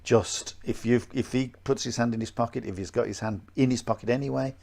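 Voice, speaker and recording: A man's voice: mid-range voice, steady tone, a little fast, vocal fry, darkish tone. A man co-hosting a podcast about martial arts, talking in an emphatic, repetitive way in casual chat. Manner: emphatic, repeats himself.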